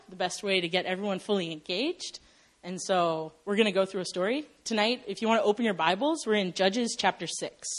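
A young adult woman preaching a sermon, telling a Bible story in a lively way, acting out quotes and laughing at herself. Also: medium pitch.

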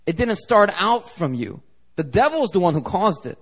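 A male pastor with a high voice preaches at a normal speed. He tells stories in a lively way and acts out the voices of the people in them.

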